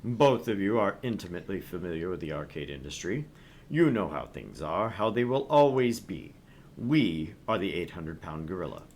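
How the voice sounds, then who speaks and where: Man reading a courteous scheming tycoon, low and measured. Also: big pitch swings, darkish tone, a little hiss or hum. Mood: smooth. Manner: slow, measured, polished. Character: smooth wealthy male arcade tycoon, courteous and scheming.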